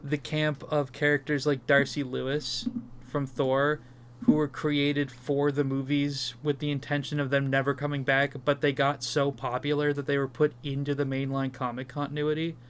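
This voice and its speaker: A man's voice: mid-range voice, completely flat delivery, moderate pace, a bit bright, a little hiss or hum. A young man co-hosting a casual movie review podcast, enthusiastic and swearing casually. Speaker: podcast co-host.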